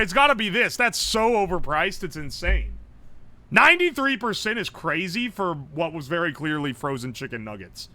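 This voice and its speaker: Sharp-voiced, high, lively male streamer. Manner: blunt, profane, quick reactions. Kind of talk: live-stream gameplay commentary.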